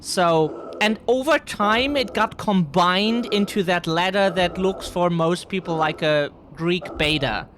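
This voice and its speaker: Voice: mid-range voice, slow pace, hardly any pauses, a bit bright, slight background noise. A German-accented streamer, a native German speaker, chatting and explaining things to viewers during live gameplay.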